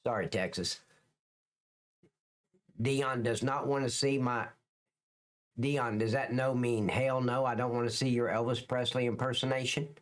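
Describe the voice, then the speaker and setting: A man's voice: medium pitch, steady tone, unhurried, pauses often. A middle-aged man hosting a live stream, chatting casually with viewers in a joking, crude, rambling way. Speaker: livestream host.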